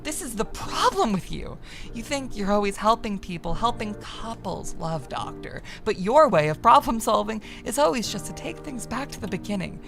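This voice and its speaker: A woman's voice: medium pitch, very animated, moderate pace, creaky, fairly bright tone, faint music behind. A woman voicing a bitter, wounded older woman who accuses in a cutting, dramatic way while reading a visual novel aloud. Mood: accusing.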